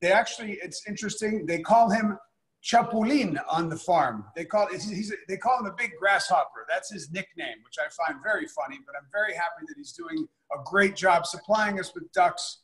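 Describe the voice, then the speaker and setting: A chef on a video call, talking in an upbeat, effusive way. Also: male voice, high voice, lively intonation, normal speed, a bit bright. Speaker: chef, guest. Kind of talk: casual video-call talk.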